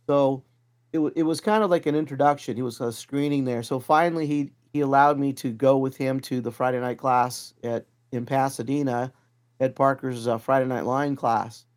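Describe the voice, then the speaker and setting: Animated man telling a story. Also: medium pitch. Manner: animated, acts out quoted voices. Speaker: martial arts instructor, guest. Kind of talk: casual storytelling.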